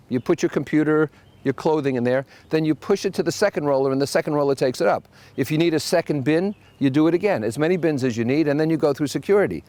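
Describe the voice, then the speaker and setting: A man hosting a solo podcast, telling wry anecdotes with animated asides. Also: a little high. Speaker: podcast host.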